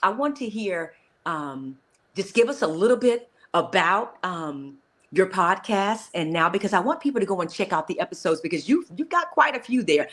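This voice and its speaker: A woman's voice: mid-range voice, expressive, moderate pace, fairly bright tone. A woman podcast host and coach talking in an emphatic, encouraging way, with preacherly asides, during a faith-based interview.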